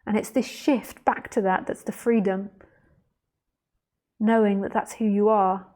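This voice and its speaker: A woman giving a live-streamed spiritual talk. She speaks slowly, softly and reflectively, addresses the listener directly and reads out viewer comments as she goes. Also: medium pitch, fairly even intonation. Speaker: spiritual teacher.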